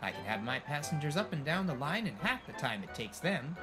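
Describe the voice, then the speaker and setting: A man's voice: on the high side, big pitch swings, a little fast, over music, voice pushed up. A man voicing a smug, boastful male bus in a storybook.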